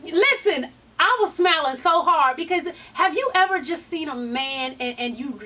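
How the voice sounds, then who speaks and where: A woman's voice: fairly high pitch, bright, forceful tone, distant mic, a little hiss or hum, low-quality recording. A young woman giving a casual, profane reality TV recap, acting out the people she quotes. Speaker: TV recap vlogger.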